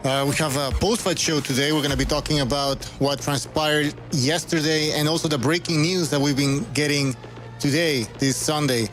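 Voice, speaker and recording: A man's voice: fairly high pitch, fairly even intonation, moderate pace, fairly bright tone. A man with a slightly raised voice hosts a casual live-stream podcast. He talks loosely and chattily, calling out names from the chat. Faint music runs behind him. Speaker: podcast co-host.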